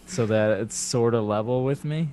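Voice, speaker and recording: A podcast host speaks into a table-clamped mic in his messy bedroom, joining by video call to spin a wandering, self-mocking tale. He has a mellow, mid-range voice at normal speed, and there's slight background noise.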